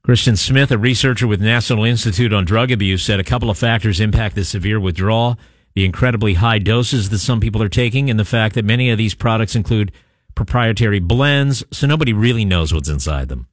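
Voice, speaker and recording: Speaking a little fast in a lowish voice, a talk radio host reads out a news story and handles listener texts, tossing in wry remarks and lots of "uh"s in a conversational way. The studio microphone gives a clean studio sound with no room sound.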